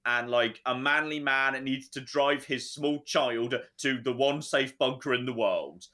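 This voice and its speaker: A man's voice: medium pitch, measured pace, pushed and bright. A man from England co-hosting a livestream, chatting casually about films, enthusiastic and sardonic, swearing casually. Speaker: livestream co-host.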